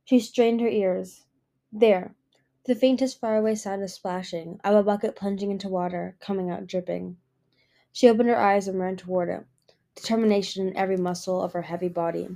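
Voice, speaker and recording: A woman reading a fantasy novel aloud in an expressive storytelling manner. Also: mid-range voice, fairly quick, gravelly. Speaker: fan audiobook reader.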